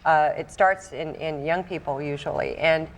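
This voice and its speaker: Earnest woman speaking haltingly. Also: sits low, fairly even intonation. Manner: earnest, halting, searching for words. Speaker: talk show guest co-host. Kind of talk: talk show conversation.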